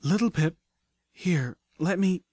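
A man playing a gentle pony healer mare. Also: fairly high pitch, lively intonation, moderate pace, dry recording, studio quality, voice pushed up, close to an everyday voice. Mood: worried.

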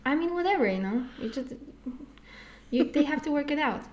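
A woman's voice: sits high, expressive, fairly quick. A woman in casual chat, jokey and self-mocking, who swears freely. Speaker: podcast guest.

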